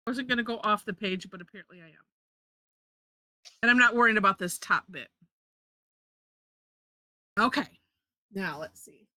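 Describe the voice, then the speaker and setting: A woman's voice: mid-range voice, moderate pace, pauses often, sharp tone, dry recording. A woman leading a live drawing lesson, chatty, correcting herself and laughing often. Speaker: drawing instructor.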